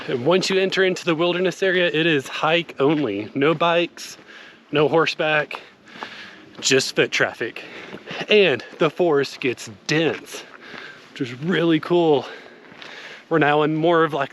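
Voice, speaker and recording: A man's voice: on the high side, fairly bright tone, slight background noise. A man talking through a solo mountain hike, chatty and upbeat, at times out of breath. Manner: upbeat, chatty, says y'all. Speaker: hiking vlogger. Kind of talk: hiking vlog with voice-over narration. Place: outdoors on a mountain trail. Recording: light music behind.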